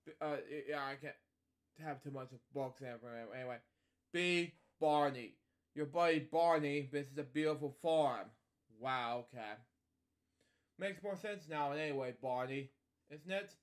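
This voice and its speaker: A man's voice: fairly high pitch, moderate pace. A man casually reading a picture book aloud as a storytelling host, stumbling over words and wandering into rambling asides at home.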